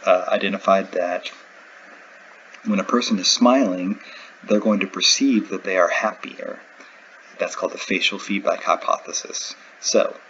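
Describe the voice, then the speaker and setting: A man's voice: low voice, fairly bright tone, muffled recording, a little hiss or hum. A man teaching a recorded lecture, explaining in a conversational way with everyday examples. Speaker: instructor.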